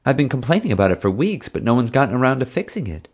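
A man reading an audiobook voices a frank, outspoken woman zookeeper in a raised, lively voice. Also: mid-range voice, rapid-fire, slightly rough, voice pushed up. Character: woman zookeeper, frank, chatty young adult. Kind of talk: audiobook character voice.

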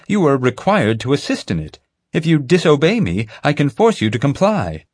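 A man voicing a stern, commanding woman FBI agent in an audiobook, brisk and insistent. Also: fairly low pitch, sing-song, dry recording, studio quality. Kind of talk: audiobook character voice.

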